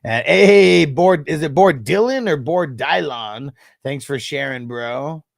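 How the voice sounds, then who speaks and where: A man's voice: on the high side, expressive, slow, vocal fry, no echo, studio quality. A man in his thirties hosting a fantasy football livestream, chatting casually with viewers in a laid-back, slangy way, with frequent swearing and laughter.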